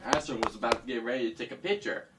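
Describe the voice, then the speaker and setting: A storyteller narrating a homemade toy adventure in a slow, dramatic way with gasps. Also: mid-range voice, fairly bright tone. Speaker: storyteller with toys. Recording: noisy home recording with clicks.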